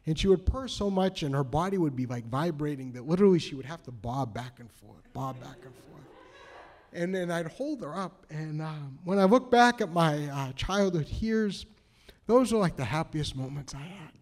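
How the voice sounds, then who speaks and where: Man, live stage storyteller, slightly high voice, animated, self-deprecating, chuckles along. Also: moderate pace. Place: stage in a cultural center.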